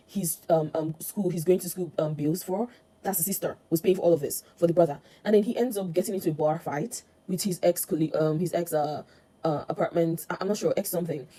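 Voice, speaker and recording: Fast-talking husky woman. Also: fairly low pitch, warm tone, rough recording. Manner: rambling, exasperated retelling with many fillers. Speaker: drama reviewer. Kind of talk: casual chat.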